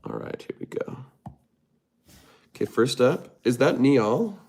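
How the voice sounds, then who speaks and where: A man's voice: mid-range voice, huge pitch swings, slow pace, gravelly, a little mellow, breathy edge. A man hosting a casual livestream, reading viewer comments aloud and muttering to himself while he types. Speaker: livestream host.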